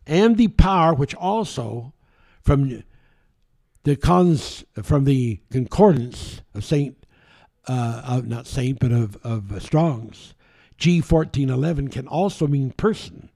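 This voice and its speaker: A man delivers a sermon in a gravelly, mellow voice, reading scripture and then unpacking it. He talks slowly and deliberately, pausing and restarting, his pitch rising and falling widely as he leans into key words. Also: animated. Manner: reads scripture aloud and explains it, halting restarts, dramatic slowing on key words. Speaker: preacher.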